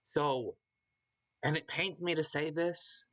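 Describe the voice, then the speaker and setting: A man's voice: on the high side, fairly even intonation, slow, fairly bright tone. A man voicing a dry, teasing male AI that lives in a toaster oven. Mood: wry.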